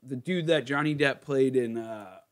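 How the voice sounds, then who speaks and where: A man's voice: mid-range voice, moderate pace. A man guesting on a comedy podcast, laid-back and full of fillers like "like". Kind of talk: casual chat.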